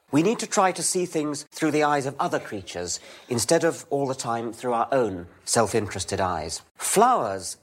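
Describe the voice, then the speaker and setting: An older man giving a public science lecture in a dry, wry, measured way. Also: mid-range voice, breathy edge.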